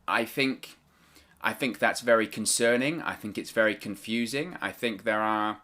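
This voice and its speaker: A man delivers solo news commentary in a fairly low voice with a bright, forceful edge. He talks cautiously, stumbling and repeating words as he picks his phrasing. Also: moderate pace. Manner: hesitant, repeats words, stumbles while choosing words carefully. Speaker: wrestling news vlogger.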